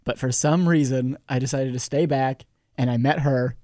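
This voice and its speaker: A man's voice: medium pitch, fairly even intonation, normal speed, warm tone, no echo, studio quality. A young adult man, a comedian, telling a personal story in casual chat, rambling and self-deprecating with many restarts. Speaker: comedian guest.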